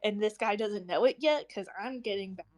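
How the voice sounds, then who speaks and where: A woman's voice: medium pitch, a little fast. A young woman co-hosting a book club stream, talking animatedly in a casual chat and acting out lines from the story. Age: young adult. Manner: animated, acts out characters' lines with lots of "like".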